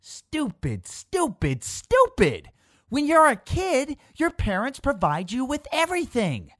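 A performer voicing an eager, stubborn boy who wants to stay a child forever, with a whiny, excited manner. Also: sits high, normal speed, dry recording, clean studio sound, pitched above the performer's own voice.

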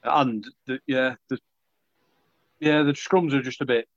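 A man's voice: medium pitch, fairly even intonation, measured pace, no room sound. Young man, casual interviewee, self-deprecating, dry dull recording. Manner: chatty, self-deprecating, many restarts. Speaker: rugby league player.

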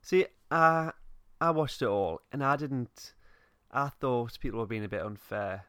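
A man's voice: medium pitch, unhurried, bright, forceful tone, smooth, dry recording, clean studio sound. A man in casual podcast chat, giving his opinion hesitantly with many fillers. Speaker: podcast co-host.

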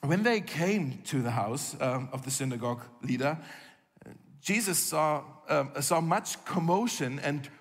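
A man's voice: fairly high pitch, lively intonation, measured pace. Man preaching in a reverberant hall. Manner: conversational storytelling, acts out quoted lines. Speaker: pastor. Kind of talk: sermon.

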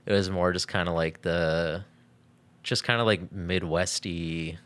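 Deep-voiced young guy, rambling chat. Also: measured pace, no echo. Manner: relaxed, rambling, heavy use of "like". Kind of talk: casual podcast chat.

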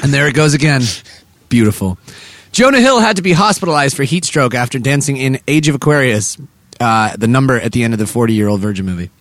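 This comedy host talks fast in an animated, mid-range voice with no echo. His banter is playful and meandering, and he keeps poking fun at himself as he jokes.

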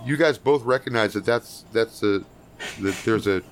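A man's voice: fairly low pitch, normal speed. Man running a tabletop game, loose and profane. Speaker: game master.

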